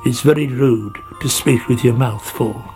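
A man's voice: medium pitch, unhurried, warm tone, faint music behind, natural voice. A man voicing a fussy, disapproving old snail in a storybook reading, sighing and scolding.

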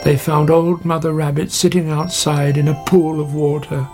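A man narrating a children's story in a gentle, even reading voice. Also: a little high, moderate pace. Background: background music.

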